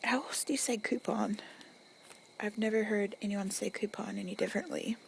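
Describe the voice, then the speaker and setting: A young woman with an Arkansas accent in a whispered ASMR accent tag, chewing gum and musing softly, recorded outdoors at night on a phone mic. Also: mid-range voice, steady tone, moderate pace, gravelly, a little hiss or hum. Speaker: ASMR creator. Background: distant cars and crickets.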